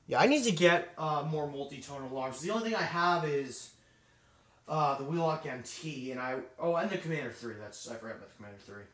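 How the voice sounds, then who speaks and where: A man's voice: a little high, lively intonation, fairly quick, a bit bright. A man chatting casually on a live stream while working with his hands, rambling with lots of fillers. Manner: rambling, filler-heavy, thinking aloud. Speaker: live streamer, fire alarm hobbyist. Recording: roomy echo.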